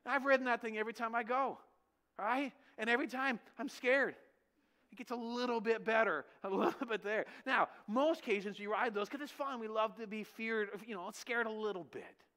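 A middle-aged male pastor delivers a sermon in church in a very high-pitched voice at normal speed. He tells stories in an animated way and fills them with rhetorical questions.

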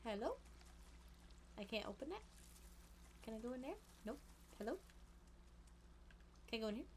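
A young woman streamer chatting casually while she plays a game, animated and giggly, squealing at surprises and murmuring quiet asides. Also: on the high side, normal speed, slight background noise. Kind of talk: casual gameplay commentary.

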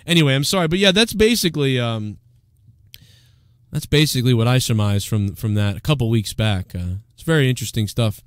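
A man's voice: medium pitch, lively intonation, brisk, smooth, no room sound, clean studio sound. A male podcast host rambling in casual, profane comedic commentary. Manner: rambling, profane, filler-heavy.

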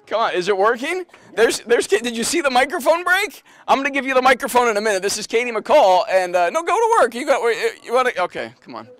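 Fast-talking high-voiced newsman. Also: no echo. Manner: joking, animated, quick-talking. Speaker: news anchor. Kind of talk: casual behind-the-scenes chat. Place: TV newsroom.

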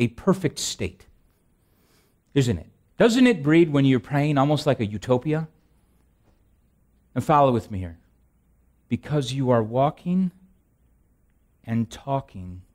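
A man's voice: medium pitch, darkish tone. A man gives a sermon in a mid-range voice, talking to the congregation more than declaiming. He leans on rhetorical questions and repeats key phrases, restarting sentences as he goes. Self-deprecating humor runs through his preaching. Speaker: pastor.

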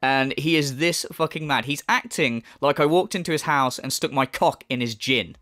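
A man's voice: fairly high pitch, moderate pace, bright, forceful tone. A man ranting through reaction commentary, exasperated, sarcastic and swearing freely. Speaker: commentary YouTuber.

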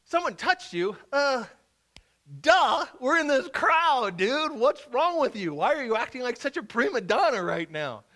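A man's voice: extremely high pitch, expressive, takes it slowly, sharp tone, voice pushed up, exaggerated voice. A man voicing Peter as an impatient, plain-spoken working man, blunt and slangy. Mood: exasperated.

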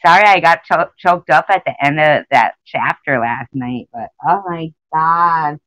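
A woman's voice: low voice, unhurried, a bit bright, dry recording, poor audio. A woman chatting casually on a live stream, rambling and emotional as she greets her viewers by name.

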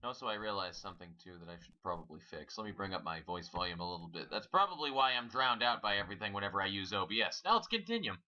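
A man's voice: fairly low pitch, very animated, fast talker, hardly any pauses. A man making casual, offhand commentary while he plays a game. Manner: chatty, offhand. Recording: dull lo-fi under loud game music.

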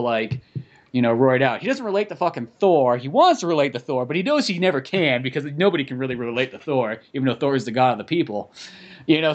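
Guy cohosting a podcast, swears constantly, goofy riffs, voice a bit on the high side. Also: dull audio. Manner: profane, joking, acts out silly bits. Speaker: podcast co-host. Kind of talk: casual comedic chat.

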